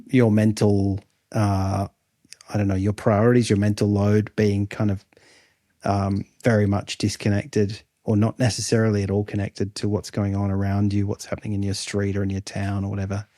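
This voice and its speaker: A man's voice: on the low side, completely flat delivery, normal speed, warm tone, no echo, clean studio sound. An Australian man in his thirties, co-hosting a podcast in casual chat and musing aloud with many restarts. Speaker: podcast co-host.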